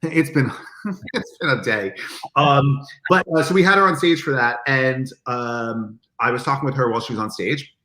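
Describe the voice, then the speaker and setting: A man telling stories as an interview guest, animated and acting out the lines he quotes in lively chat. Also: mid-range voice, normal speed, reverberant, rough recording. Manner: animated, acts out quoted dialogue. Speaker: guest, event marketing executive. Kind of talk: casual storytelling in an interview.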